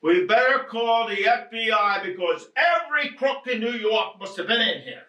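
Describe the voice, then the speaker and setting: An actor playing an irritable, nervous husband after a burglary, blustering, swearing and ranting in a stage play. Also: male voice, high voice, lively intonation, normal speed, pushed and bright, muffled recording. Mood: agitated. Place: theatre stage. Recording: roomy stage sound from a distant mic.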